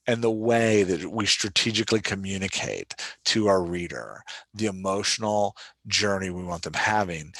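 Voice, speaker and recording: A man's voice: deep voice, a bit bright, no room sound. A man from Louisiana with a leftover Southern accent, hosting a solo podcast that teaches writing, self-deprecating and often checking in with "right?". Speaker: podcast host.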